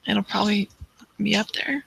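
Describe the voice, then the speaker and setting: A co-host in casual talk, speaking hesitantly with many fillers and dropping to a hush when awed. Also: medium pitch, normal speed, creaky, slightly rough, no room sound, low-quality recording. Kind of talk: casual live-show chat.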